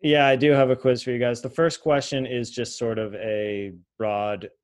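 A man co-hosting a podcast, laying out facts and posing quiz questions in a measured way. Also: medium pitch, flat delivery. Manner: measured, explains facts and figures. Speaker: podcast co-host running a quiz. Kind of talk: casual chat.

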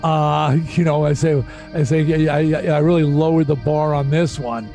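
A middle-aged man with a gravelly, fry-laden voice that sits slightly above the usual male range. He tells stories in a loose, profane interview style, circling back and repeating phrases when he gets excited. Soft music runs faintly underneath. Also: fairly high pitch, normal speed. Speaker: interview guest. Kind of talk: casual interview storytelling.

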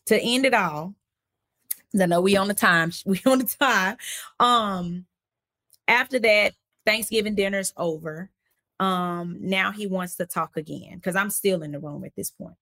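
Gravelly low-voiced woman telling a story. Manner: animated, acts out quoted voices while recounting events; casual, conversational phrasing. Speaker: interview guest, author. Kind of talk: personal storytelling in a podcast interview.

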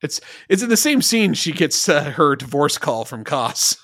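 A man's voice: a little high, very animated, moderate pace, a bit bright, dry recording, studio quality. A man co-hosting a podcast, chatting casually and with animation, swearing and slipping into mocking impressions. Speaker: podcast co-host. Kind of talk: casual review chat.

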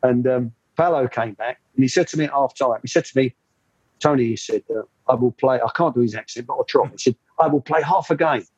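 A man's voice: medium pitch, fast talker, darkish tone, husky, no room sound, dull audio. An older man, a former football coach, telling rambling anecdotes with lots of fillers in an interview. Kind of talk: storytelling interview.

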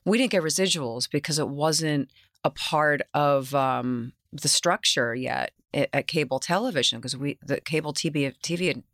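A guest actress from New York, speaking with a New York accent, tells candid stories in a casual interview, laughing often and acting out what people said. Her deep, slightly bright voice moves at normal speed, with clean studio sound and no room sound.

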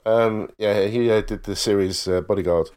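A man's voice: on the low side, steady tone, moderate pace, a little mellow. A man chatting casually on a podcast, enthusiastic and full of fillers. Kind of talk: casual chat.

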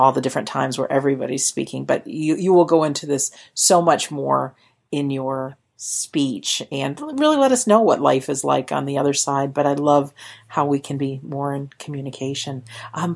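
Low, gravelly woman podcast host. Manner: encouraging, steering the conversation. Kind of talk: interview hosting.

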